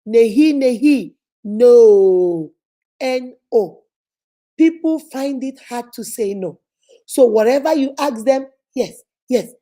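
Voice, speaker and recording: Lady life coach, kinda high voice but super mellow and dark, preachy and repeats herself a lot. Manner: emphatic, repetitive, preachy, direct address. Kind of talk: motivational teaching to camera.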